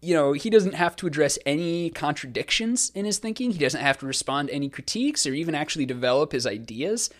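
A man hosting a casual podcast discussion, talking in a sardonic, profane and lively way. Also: fairly high pitch, fast, hardly any pauses. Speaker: podcast host.

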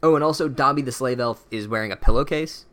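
A man's voice: mid-range voice, quick pace, bright, forceful tone. A young man recapping a book chapter with sarcastic, profane comedy and mock-academic asides.

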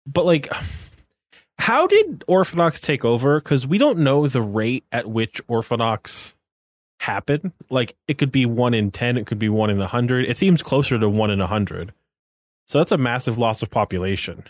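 A man's voice: medium pitch, expressive, moderate pace, no room sound, clean studio sound. A man co-hosting a podcast, talking casually in a rambling, wry way with many fillers. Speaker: podcast co-host.

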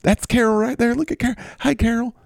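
A man's voice: very high-pitched, steady tone, fast, vocal fry, no room sound, voice pushed up. Give me a man putting on an eager folksy farmer with a drawl, talking up his lambs in a dry close mic. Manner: drawling and pushy, keeps showing off. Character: folksy eager male lamb farmer, proud and chatty. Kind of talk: comedy podcast character bit.

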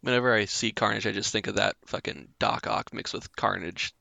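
A young man adds laid-back remarks to a casual podcast chat. His voice is gravelly but bright, and the sound is dry and close. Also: on the low side, fairly even intonation, fairly quick, no echo. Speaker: podcast co-host.

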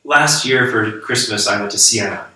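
Priest, low voice with a bright, sharp tone, easy anecdotal delivery, echoey room, mic at a distance. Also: male voice, normal speed. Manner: laughing, anecdotal. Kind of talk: casual conversation.

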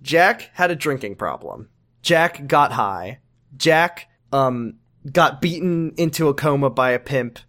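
A man's voice: mid-range voice, expressive, fairly bright tone. A man co-hosting a podcast, chatting casually and jokingly as he recaps a TV episode. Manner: jokey, acts out characters in quick bits. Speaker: podcast co-host.

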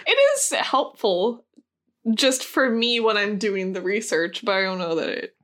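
A woman's voice: mid-range voice, measured pace, fairly bright tone. A woman co-hosting a podcast, chatting casually in a dry, self-deprecating way and laughing often. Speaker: podcast co-host.

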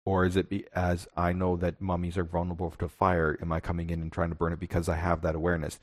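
A man's voice: low voice, monotone, fast, no room sound, clean studio sound. A male podcast co-host chatting casually and reflectively about tabletop games, often restarting his sentences.

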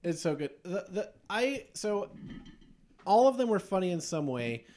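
A man hosting a podcast, chatting casually about movies, enthusiastic and quick to laugh as he recounts scenes with plenty of fillers. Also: sits high, big pitch swings, a little mellow. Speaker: podcast host.

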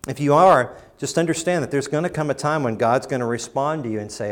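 This man's sermon runs a little fast, with few pauses, as he swings between emphatic bursts and low, quiet moments. He is a pastor who sometimes dramatizes quoted lines in mock voices.

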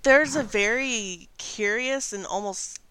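A woman's voice: on the high side, slow, pushed and bright, clean tone. A woman narrating as dungeon master of a tabletop game, giggly and rambling, often correcting herself.

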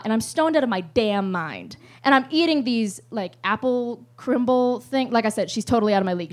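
A young adult woman performing a live stand-up set, telling profane, animated stories with loud outbursts and frequent laughter mid-sentence. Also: fairly high pitch. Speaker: stand-up comedian. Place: live show stage.

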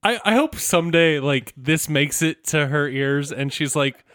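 A man's voice: on the high side, unhurried, few pauses, a bit bright, dry recording, clean studio sound. A man co-hosting a podcast, chatting playfully and jokingly while recapping a cartoon episode. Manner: playful, giggly, jokey. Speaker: podcast co-host.

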